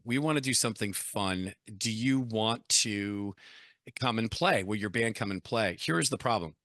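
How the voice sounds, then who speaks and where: Male guest in his forties, animated storyteller, low and bright, dry close sound. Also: dry recording. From United States. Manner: animated storyteller, acts out both sides of phone calls. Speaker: guest, credit union CEO and former rock singer. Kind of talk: casual interview storytelling.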